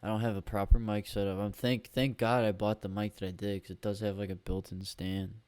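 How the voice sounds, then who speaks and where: A man rambles through a solo podcast rant, grumbling and swearing freely. His voice sits fairly low with little melody in it. He talks into a USB mic in a dry, close sound. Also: level tone, a little fast, darkish tone, dry recording. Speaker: podcast host. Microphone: USB microphone.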